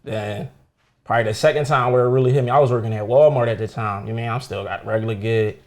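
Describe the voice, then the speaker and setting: The young comedian keeps up a fast clip in his mid-range voice as a guest, swearing freely and animatedly impersonating the people who show up in his casual anecdotes.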